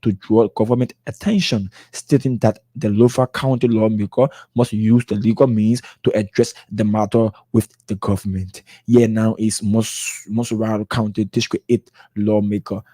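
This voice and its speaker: A man reads news reports as an anchor, steady with a few stumbles over names. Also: on the low side, normal speed, hardly any pauses, no echo. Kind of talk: scripted news reading.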